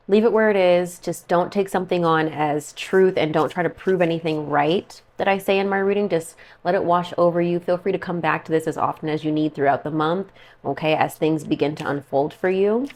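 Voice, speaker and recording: A woman's voice: low-pitched, darkish tone. A woman giving a casual monthly tarot forecast, chatty and rambling, full of "like" and "okay" asides. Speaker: tarot reader.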